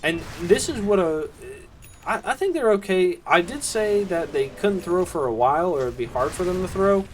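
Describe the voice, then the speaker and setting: A Southern US accent marks this esports caster, who handles solo play-by-play of a match in a casual way. His voice sits high and is expressive at a normal speed, and he keeps things easygoing and chatty with asides and fillers. There's a little hiss or hum.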